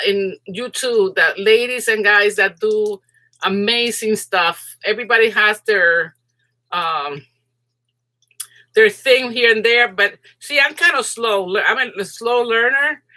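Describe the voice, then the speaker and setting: A middle-aged woman hosting a live crafting stream, chatting casually and excitedly with her viewers, laughing often, her voice rising high when she gets excited. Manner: excitable, giggly, chatty, talks to viewers in chat. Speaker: crafting channel host.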